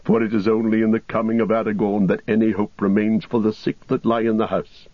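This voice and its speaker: A man's voice: fairly low pitch, fairly quick, no echo, natural voice. A man as a stern old wizard. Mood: grave. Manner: calm, authoritative. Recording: dull lo-fi recording.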